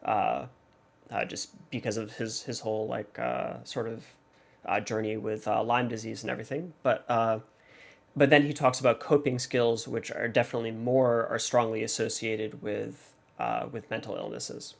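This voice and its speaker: Gravelly man musing hesitantly. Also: medium pitch, fairly even intonation, normal speed. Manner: hesitant, thinking aloud, many fillers. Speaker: reaction video host. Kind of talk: casual music analysis.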